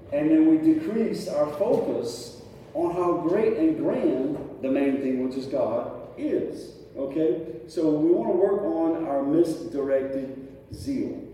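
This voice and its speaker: A man's voice: on the high side, warm tone, recorded from a distance. A man preaching a sermon to his congregation in a casual, conversational way, often checking in with rhetorical questions. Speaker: pastor. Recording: echoey hall picked up from afar, faint ambience.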